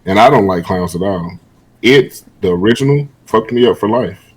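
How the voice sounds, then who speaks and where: A man with a somewhat low, husky voice talks as a podcast guest over a video call. He is easygoing and laughs a lot, and he often restarts his sentences. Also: expressive, normal speed, rough recording. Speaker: guest, e-fed runner. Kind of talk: casual podcast chat.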